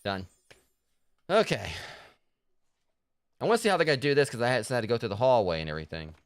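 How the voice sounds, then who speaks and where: A man's voice: medium pitch, very animated, fast talker, clear, resonant tone, no room sound. A man streaming a video game and chatting casually about it, rambling with lots of filler words and restarts. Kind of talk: casual gameplay commentary.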